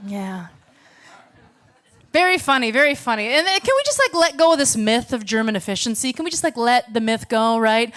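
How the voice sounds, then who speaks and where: A woman's voice: fairly high pitch, expressive, brisk, a bit bright. An American woman doing a stand-up comedy set on a club stage, brash, sarcastic and profane. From United States.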